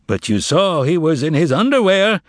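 A man's voice: fairly high pitch, sing-song, moderate pace, no room sound, clean studio sound, voice pushed up. A man voicing a stern, cold restaurant manager who gives commanding orders like a pirate captain.

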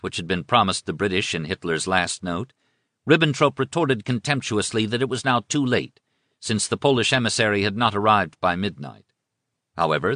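A man reading a history book aloud as scripted narration, in a measured, formal way. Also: on the low side, bright, forceful tone, dry recording, studio quality. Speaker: audiobook narrator.

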